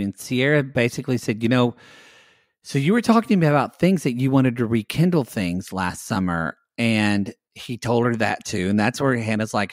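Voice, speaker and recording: A man's voice: mid-range voice, dry recording, studio quality. A man co-hosting a reality TV recap podcast in casual chat, bantering and acting out quotes. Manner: animated, quick banter, acts out quotes. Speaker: podcast co-host.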